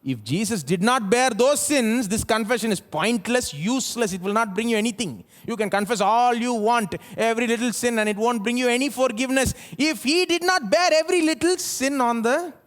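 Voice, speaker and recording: A male pastor with an Indian English accent preaching at a live church service, asking the congregation rhetorical questions and swinging between loud and soft. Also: very high-pitched, animated, normal speed. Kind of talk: sermon.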